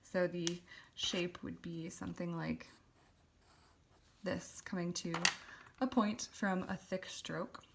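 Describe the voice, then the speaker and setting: A woman's voice: fairly low pitch, steady tone, slow pace, gravelly, pauses often, background noise. A woman teaching a lettering lesson, explaining step by step in a patient way, with the odd filler. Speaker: calligraphy teacher.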